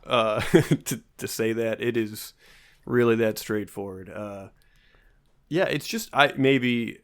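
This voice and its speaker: A man co-hosting a podcast, talking in a wry, halting, self-deprecating way. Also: medium pitch. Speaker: podcast co-host. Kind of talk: casual chat.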